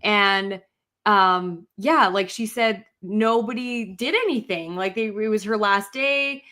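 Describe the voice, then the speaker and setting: A young woman chats on a casual podcast with a voice of middling pitch. She speaks reflectively and talks through her thoughts with lots of fillers. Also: slow pace, bright, forceful tone. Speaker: podcast co-host. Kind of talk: casual chat.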